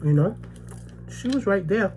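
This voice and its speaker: A woman's voice: mid-range voice, lively intonation, measured pace, mellow, a little hiss or hum. A woman from the Bronx, telling a personal story to camera in casual vlog talk, emphatic and repetitive, checking in with "okay?" and "you know what I mean?". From the Bronx, New York. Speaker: mukbang vlogger.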